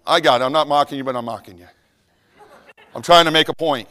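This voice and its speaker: A middle-aged man with a drawl, preaching from the pulpit in a church sanctuary. His voice sits a little high and swings from loud, lively delivery to hushed asides. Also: brisk, long pauses. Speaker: pastor. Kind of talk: sermon.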